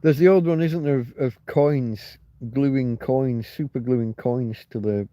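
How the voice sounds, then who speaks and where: Man, livestream host, rambling, swears a lot, warm mellow tone, dry sound. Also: medium pitch, a little slow, no echo. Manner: rambling, swears freely, answers chat comments. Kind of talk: casual livestream chat.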